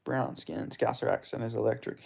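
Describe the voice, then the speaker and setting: Streamer australien à la voix rauque. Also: male voice, medium pitch, level tone, brisk, gravelly, a little mellow. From Perth, Western Australia. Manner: laid-back, swears freely, chats with viewers. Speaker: streamer hosting a live fight watch-along. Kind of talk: casual live commentary.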